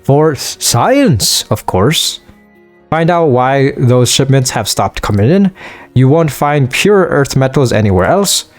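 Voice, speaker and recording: A man's voice: mid-range voice, animated, slow, soft background music. A man reading the lines of an eccentric, self-absorbed male inventor in a fantasy game.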